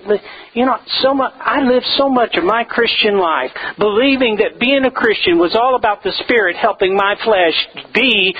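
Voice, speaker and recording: A man's voice: high-pitched, slightly rough, lo-fi sound. A man preaching a sermon as pastor, emphatic and repeating his key phrases to drive them home.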